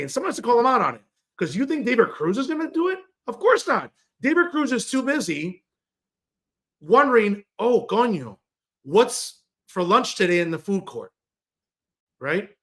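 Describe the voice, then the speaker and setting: High-voiced combative male commentator. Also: fairly bright tone. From New Jersey. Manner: combative, sarcastic, switches into Spanish mid-rant. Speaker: political commentator and show host. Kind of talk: opinion monologue.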